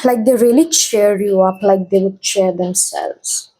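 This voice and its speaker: A woman's voice: mid-range voice, measured pace, mellow, husky, poor audio. A young woman giving a casual tarot reading, chatty and often checking in with her viewers. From India. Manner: chatty, keeps checking in with "okay?". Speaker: tarot reader.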